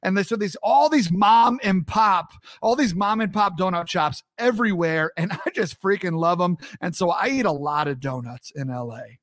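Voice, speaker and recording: A man's voice: sits high, normal speed, hardly any pauses, fairly bright tone, no echo, clean studio sound. A man in his thirties from the US East Coast, hosting a casual show and joking with his chat in an upbeat way. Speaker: podcast host.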